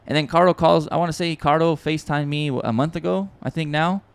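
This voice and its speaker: Excitable, rambling man with a smooth voice. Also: a little high, fast. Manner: excitable, rambling, swears often, many restarts. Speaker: podcast host and music producer. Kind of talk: casual storytelling chat.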